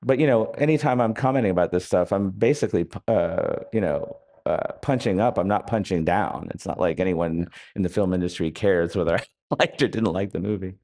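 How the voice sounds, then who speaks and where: A man's voice: low voice, brisk, a little mellow. A man, an author speaking in a live onstage interview, telling wry, rambling anecdotes with frequent hesitations. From United States. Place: festival stage before an audience.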